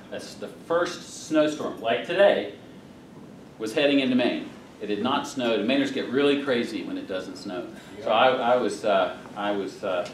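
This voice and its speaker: A man's voice: medium pitch, background noise. A middle-aged man from North Carolina, giving a humorous storytelling talk as a guest speaker at a club meeting. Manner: folksy, humorous storyteller, chuckles through punchlines. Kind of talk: storytelling speech. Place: meeting hall. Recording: roomy, distant room mic.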